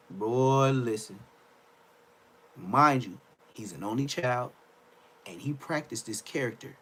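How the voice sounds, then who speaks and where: A young man ranting on a livestream, loud and mocking, repeating phrases and stammering. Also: medium pitch. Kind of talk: trash-talking rant on a livestream.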